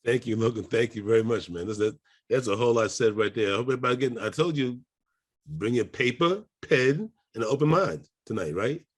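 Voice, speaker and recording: A man with a husky, slightly breathy voice hosts a business meetup panel. He thanks one guest and passes the conversation on with an encouraging question. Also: medium pitch, animated, brisk. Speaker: meetup host and moderator. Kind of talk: moderating a panel discussion.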